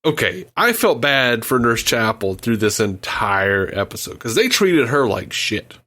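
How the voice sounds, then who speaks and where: Blunt, animated male podcast co-host. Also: mid-range voice, measured pace. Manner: blunt and animated, with frequent laughter. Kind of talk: casual chat.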